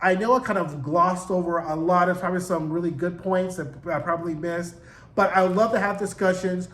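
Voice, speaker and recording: A man giving a casual, animated recap of a show, jumping into quick voices for the characters and swearing freely. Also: high-pitched, roomy sound, rough recording. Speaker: show reviewer.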